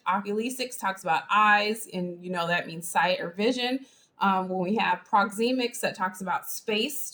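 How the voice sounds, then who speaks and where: A woman instructor with a mid-range voice lectures to a live online class. She is chatty and animated and keeps acting out little examples. The sound comes through a video-call microphone. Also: mid-range voice. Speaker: college instructor.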